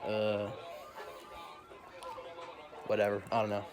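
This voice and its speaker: Young male vlogger, lowish voice, loose slangy rant, swears a lot, music playing underneath. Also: completely flat delivery, takes it slowly, darkish tone. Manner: slangy, profane, laughs often. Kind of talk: casual rant to camera.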